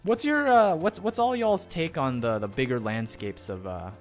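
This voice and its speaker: A man's voice: fairly high pitch, moderate pace, faint music behind. A young man streaming a game and chatting casually, rambling and self-deprecating. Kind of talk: casual live-stream chat.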